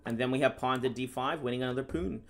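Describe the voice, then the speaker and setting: A man from the United States commenting live on his own chess games, reading viewer questions aloud and answering in a casual, deadpan sarcastic way. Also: medium pitch, fast, creaky. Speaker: chess streamer and National Master. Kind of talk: live-stream commentary while playing.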